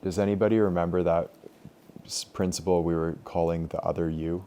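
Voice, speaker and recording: A young man teaches a group meditation class in a relaxed, loose style, filling his speech with "like." His voice is low and fairly quick.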